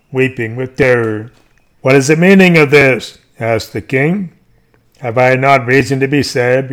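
A man reading a sermon aloud in a solemn, declamatory way, with slow, emphatic calls. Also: mid-range voice, clean tone. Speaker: preacher.

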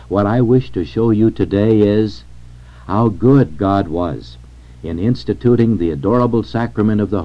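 Guy reading an old sermon out loud, slow and solemn, kinda low voice, muffled recording. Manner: solemn, measured delivery. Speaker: reader of a sermon. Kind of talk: sermon read aloud. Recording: dull lo-fi recording.

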